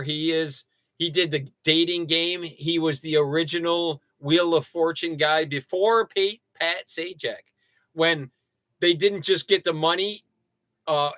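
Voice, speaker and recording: A man hosting a casual livestream, chatting in a loose, rambling way. His voice is bright and slightly high, and he keeps poking fun at himself. Now and then he breaks into excited high yelps and laughter. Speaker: livestream host.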